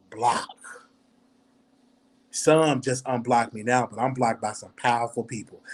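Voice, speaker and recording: A man with a Southern US accent runs his own show from home late at night, chatting loosely into the camera. He is a little tipsy, rambles, stumbles over repeated words and laughs often at his own remarks. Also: mid-range voice. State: tipsy from drinking. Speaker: show host. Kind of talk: casual livestream commentary.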